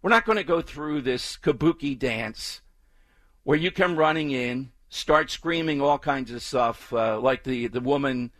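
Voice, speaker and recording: A man's voice: mid-range voice, measured pace, fairly bright tone, no room sound. A man hosting a talk radio show, delivering an emphatic, opinionated monologue full of repetition. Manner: emphatic, repetitive, mocking chants with exaggerated inflection.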